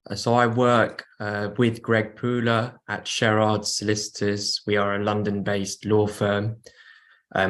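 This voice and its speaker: A man's voice: lowish voice, a bit bright. A man who is a dispute resolution lawyer, courteously introducing himself to a conference from afar. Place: remote call.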